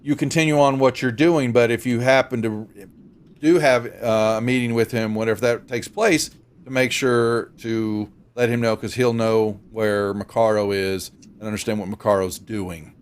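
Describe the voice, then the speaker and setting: A man's voice: mid-range voice, fairly even intonation, normal speed, clean tone. A man narrating as game master, rambling with many fillers and restarts.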